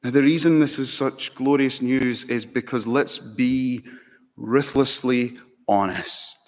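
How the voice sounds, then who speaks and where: A man preaches in a slow, deliberate sermon style, leaning hard into key words and rising to fervent peaks. His voice sits in an ordinary middle range. It rings out with a long reverb, as in a church sanctuary. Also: medium pitch, fairly even intonation. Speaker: pastor.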